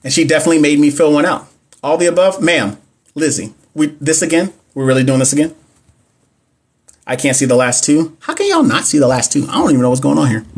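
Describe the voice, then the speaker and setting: A young man hosts a casual livestream through a phone or computer mic, reading nursing exam questions aloud and answering viewer comments. He's loose, playful and heavy on slang, often talking straight back to the chat. His voice is a little high and husky, very animated, at a quick pace.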